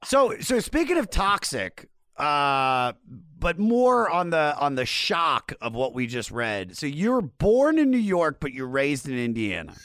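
A man's voice: a little high, big pitch swings, unhurried, a bit bright, dry recording, clean studio sound. A man hosting a podcast interview, chatting casually and joking. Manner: joking, playful. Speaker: podcast host.

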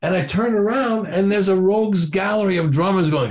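Older man, lively animated storyteller. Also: sits high, fairly quick. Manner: lively storyteller who acts out quotes and swears casually. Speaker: interview guest, drummer. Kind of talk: animated anecdote telling.

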